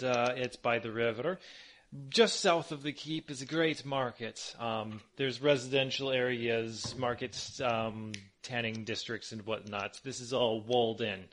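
A man's voice: mid-range voice, normal speed. Man narrating in a fake Russian accent. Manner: relaxed, rambling narration with fillers. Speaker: game master. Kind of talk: narrating a tabletop game.

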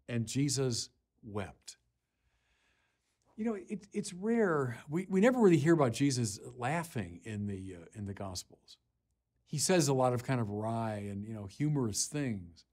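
A man, a bishop, preaching a Sunday sermon in earnest, deliberate phrases with pauses, rising in force when he quotes scripture. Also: mid-range voice, a little mellow. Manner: slow, deliberate delivery with pauses.

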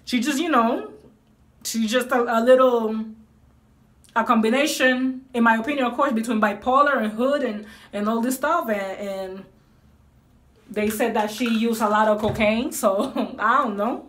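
A woman's voice: a little high, a little slow, fairly bright tone. A woman from Puerto Rico with a Puerto Rican accent, chatting casually to her viewers in an emphatic way and slipping into Spanish. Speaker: vlogger answering viewers. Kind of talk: casual chat.

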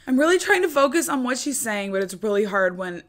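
Bright, excitable young woman vlogger. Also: fairly high pitch, a little fast, slight background noise. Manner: gushing, excitable, trails off. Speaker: music reaction vlogger. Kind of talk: casual reaction vlog. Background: music playing.

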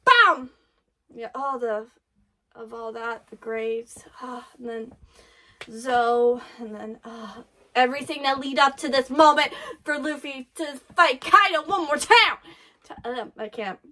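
A woman hosting an anime reaction, talking excitedly over what she watches, gasping, laughing and swearing. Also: high voice, measured pace. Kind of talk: live reaction commentary.

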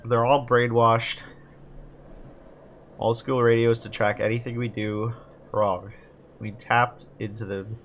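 A man's voice: medium pitch, a bit bright, a little hiss or hum. A man hosting a casual multiplayer gaming chat, jokey and bossy about the mission, swearing freely. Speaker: gaming channel host.

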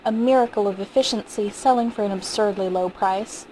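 A woman reading a short story aloud in a steady, vivid narrating manner. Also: mid-range voice, a little fast, a little hiss or hum, poor audio. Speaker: audiobook reader.

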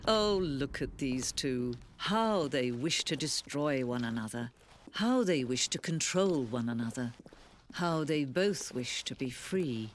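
An actress voicing a calm, solemn female narrator in a video game who speaks slowly and earnestly. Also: extremely low pitch, a little hiss or hum, heavily acted. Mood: wistful.

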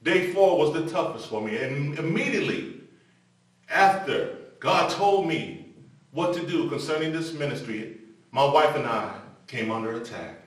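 An older man preaching a televised sermon. He moves between impassioned exhortation and a quieter personal testimony. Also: a little high, lively intonation, a little slow. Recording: echoey room from a distance.

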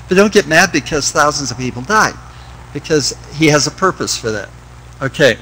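A man's voice: on the high side, a bit bright, low-quality recording. A man teaching a Bible study, reading verses aloud and repeating key phrases as he explains them.

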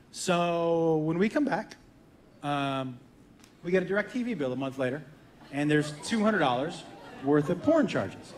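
A man's voice: sits high, fairly bright tone. A man performing a stand-up routine, telling a story and acting out the dialogue between himself and his son. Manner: storytelling, acts out both sides of the dialogue. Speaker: stand-up comedian. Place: comedy club stage. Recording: roomy stage recording with audience and noise. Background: audience laughter.

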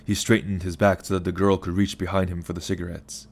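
A man narrating a short story in an even, unhurried audiobook style. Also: low-pitched, gravelly.

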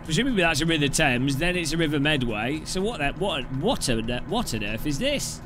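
A man's voice: a little high, lively intonation, a little fast, background noise. A man casually chatting and joking while live-streaming a game, swearing now and then. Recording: clear background music. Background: background music.

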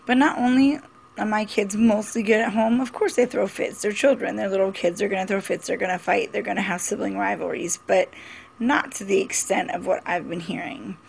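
Mom vlogger in her forties with a fry-edged voice, speaking bluntly and repeating her points. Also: mid-range voice, fairly even intonation, brisk, slight background noise. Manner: emphatic, blunt and repetitive. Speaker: mother vlogger. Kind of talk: casual opinion vlog.

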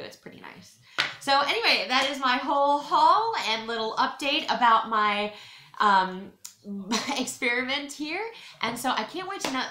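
A bubbly woman vlogger gushing away in a casual, chatty haul video. Her voice is bright and forward, sitting at an ordinary pitch. The sound has a roomy, echoey ring to it. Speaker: beauty vlogger.

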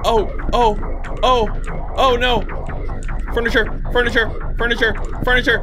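A woman streaming a video game, commentating excitedly with frequent laughs and frantic exclamations. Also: a little high, unhurried, pauses often. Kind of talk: let's play commentary. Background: game music.

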